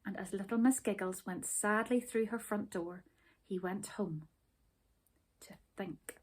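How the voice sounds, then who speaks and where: A woman reading a children's story aloud, gentle and expressive. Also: medium pitch, a little slow, husky.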